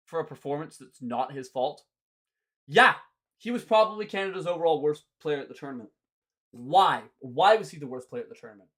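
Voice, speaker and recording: A young man hosts a hockey talk show and rants with open exasperation and sarcasm. His pitch swings widely as he mocks and scolds, and his delivery stays heated and animated. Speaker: hockey podcast host. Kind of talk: ranting sports commentary.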